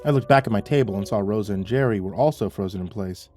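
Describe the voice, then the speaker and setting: A man reading a horror story aloud as a narrator, in a wry, measured manner. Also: fairly low pitch, darkish tone, no echo, faint music behind.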